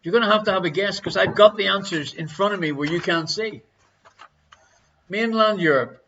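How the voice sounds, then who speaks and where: Jokey Irish quiz host, bright tone. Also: male voice, high voice, normal speed, lo-fi sound, slight background noise. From Ireland. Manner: jokey, chatty, reads out answers. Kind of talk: live online pub-style quiz. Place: living room at home.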